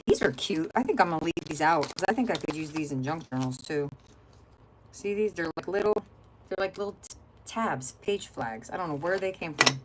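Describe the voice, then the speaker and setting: Low-voiced, chatty middle-aged woman. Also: animated, a little fast, very noisy. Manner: chatty and rambling, talks straight to viewers. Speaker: crafting livestream host. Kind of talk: casual chat while crafting.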